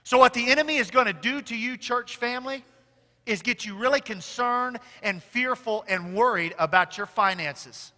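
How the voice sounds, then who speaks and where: Guy preaching, high bright voice, goes loud then real quiet, big echoey church hall. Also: normal speed. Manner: swings from loud emphatic declarations to quiet intimate asides. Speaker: pastor. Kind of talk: sermon. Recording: long hall reverb.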